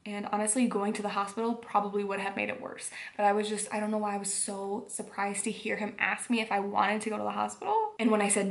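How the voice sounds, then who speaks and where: A woman's voice: medium pitch, fairly even intonation, fast talker, creaky, hardly any pauses. A young woman vlogger telling a personal story at home at bedtime, rambling with lots of fillers. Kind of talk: casual storytelling vlog.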